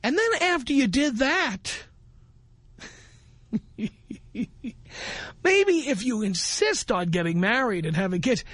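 Man, radio talk host, high voice, sarcastic and scolding, dry close studio sound. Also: animated, slow pace, long pauses, fairly bright tone, dry recording.

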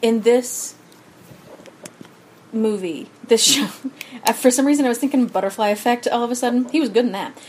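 Woman podcast co-host, slightly high voice, loose and halting delivery with easy laughs. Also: a little mellow, a little hiss or hum, low-quality recording. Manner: rambling, halting, with frequent laughs. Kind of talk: casual chat recap of a TV show.

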